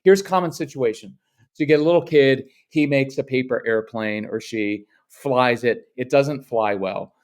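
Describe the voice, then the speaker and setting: A man's voice: mid-range voice, moderate pace, a little mellow. A man who is a guest parenting coach, giving advice and animatedly acting out parent and child voices in his examples. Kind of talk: casual interview advice.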